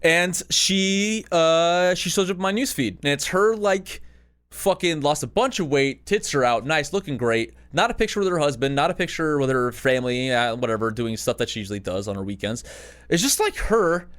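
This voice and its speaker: A man's voice: fairly high pitch, lively intonation, moderate pace, a bit bright, smooth. A man in his thirties hosting a podcast, telling a long personal story in a rambling, profane, self-mocking way. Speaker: podcast host. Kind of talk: casual storytelling.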